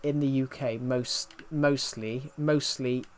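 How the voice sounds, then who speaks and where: A man's voice: mid-range voice, fairly even intonation, takes it slowly, slight background noise. Rambling man streaming from home. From England. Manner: rambling, many restarts and fillers, answering chat. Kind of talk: casual live-stream chat.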